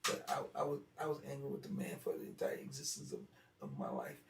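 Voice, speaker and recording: A man speaking as an interview guest, telling a childhood story in an animated way that turns loud when he gets worked up. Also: medium pitch, fast talker, gravelly, background noise. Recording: echoey room, far from mic, faint ambience.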